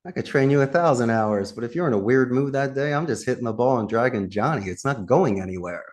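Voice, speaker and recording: An American man, a guest telemarketing trainer in a podcast interview, coaching in a punchy way with lots of rhetorical questions and slowing down to stress key points. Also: mid-range voice, expressive. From United States.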